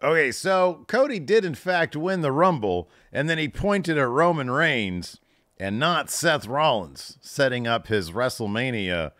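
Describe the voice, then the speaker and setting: Middle-aged man, sarcastic reaction commentary, bouncy lively intonation, dry close sound. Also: mid-range voice, unhurried, no echo. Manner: sarcastic, self-mocking, exclamatory. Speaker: wrestling podcast host.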